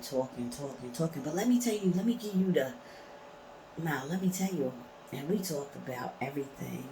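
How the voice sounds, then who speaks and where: Blunt low-voiced woman vlogger. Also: warm tone, a little hiss or hum, rough recording. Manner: blunt, emphatic, swears freely. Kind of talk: casual storytelling to camera.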